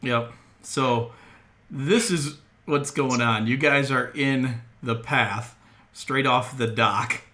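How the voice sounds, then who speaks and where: Bright-voiced man running a tabletop game. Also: mid-range voice. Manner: loose, laughing, quick asides. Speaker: game master.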